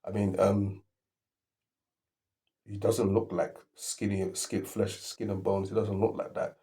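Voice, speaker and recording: A man's voice: on the low side, flat delivery, slow pace, dark tone. A man hosting a reaction video, rambling as he thinks aloud and keeps restarting his sentences.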